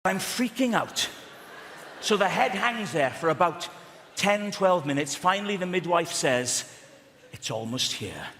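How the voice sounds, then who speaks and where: A man from Wales telling a long story on a theatre stage, slow and dramatic. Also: high voice, lively intonation, fairly bright tone, long reverb tail, a little hiss or hum. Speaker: stand-up comedian. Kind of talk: stand-up storytelling.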